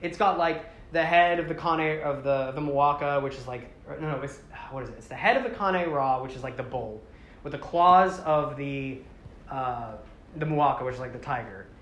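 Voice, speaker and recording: A woman giving a rambling, animated casual talk to a live audience, often slipping into character voices. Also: very deep voice, moderate pace, roomy sound, a little hiss or hum. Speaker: presenter.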